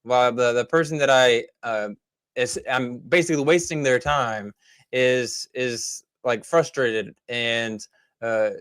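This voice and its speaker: Male commentary host, mid pitch, rambling and exasperated, dry recording. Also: slow pace, fairly bright tone, clear, resonant tone, no echo. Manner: rambling, with many fillers and restarts; critical, exasperated. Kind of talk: casual commentary over clips.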